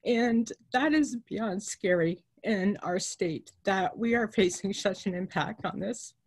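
A woman who works as a nurse and represents nurses, speaking earnestly and with emotion at a virtual town hall, with pauses and fillers. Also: medium pitch, darkish tone, slightly rough.

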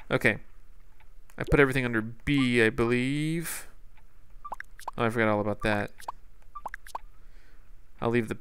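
A man's voice: mid-range voice, fairly bright tone, slight background noise. Male let's-play host, casual and jokey, rambling commentary, average voice. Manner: chatty, playful, rambling asides. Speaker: gameplay host.

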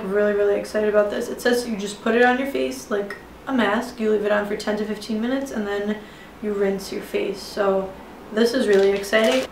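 A woman's voice: mid-range voice, a little hiss or hum. A young woman chatting in a rambling way, with lots of "like" and "you know", as she shows beauty products, recorded indoors at home with rain outside. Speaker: beauty vlogger. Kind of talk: casual haul video chat. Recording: roomy sound from a distance from the mic. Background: heavy rain outside.

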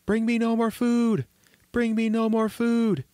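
A man voicing a plucky boy the size of a thumb, speaking high and urgently in a storybook reading. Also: expressive, measured pace, no room sound. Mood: frantic shouting.

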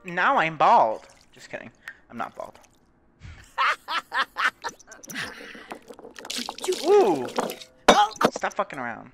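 Lively, profane young man playing a game. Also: fairly high pitch. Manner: profane, laughing, teasing, mock voices. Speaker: gaming video creator. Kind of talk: casual gameplay commentary.

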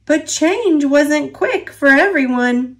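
A woman reading a children's picture book aloud in a gentle, expressive narrating voice. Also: high-pitched, takes it slowly. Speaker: storybook reader.

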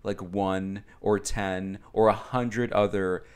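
A young man giving casual reaction commentary on a music video, chatty and excitable, talking straight to his viewers. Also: low-pitched, slow pace, smooth. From Italian background. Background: music video playing.

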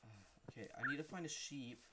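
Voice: medium pitch, fast talker, music in the background. A gamer giving jumpy, unscripted let's-play commentary while talking to the game.

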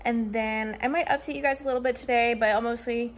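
Brief: young woman, fairly high voice, chatty home vlogger, noisy camera audio. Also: steady tone, quick pace. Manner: chatty, filler-heavy. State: out of breath. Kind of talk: casual vlog chat. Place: at home in an apartment. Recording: home camera audio with clear background noise.

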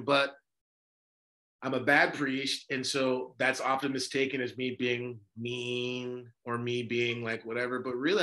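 Bright and forceful, this mid-range male voice belongs to an Orthodox priest hosting a podcast discussion. He speaks with passion, leaning on many rhetorical questions.

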